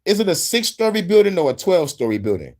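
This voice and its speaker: Animated man doing rambling commentary. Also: fast. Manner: rambling, laughs often, jumps into squeaky bits. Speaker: host reacting to clips. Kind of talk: casual profane commentary.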